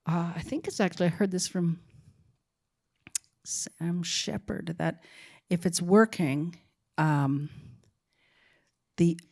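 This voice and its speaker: A middle-aged woman, a film director as guest, talking in a halting, musing way with many restarts. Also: lowish voice, steady tone, gravelly, darkish tone. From Canada. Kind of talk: casual interview talk.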